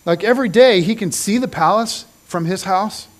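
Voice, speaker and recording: A middle-aged man preaching a sermon in a casual, conversational storytelling style, acting out the people in his story with lively slang. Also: high voice, moderate pace. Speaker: pastor. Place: church stage.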